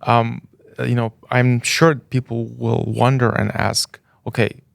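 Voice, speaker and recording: A man's voice: mid-range voice, level tone, slow pace, gravelly, dry recording. A man hosting a podcast, casually asking his guest probing questions. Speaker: podcast host. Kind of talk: conversational podcast interview.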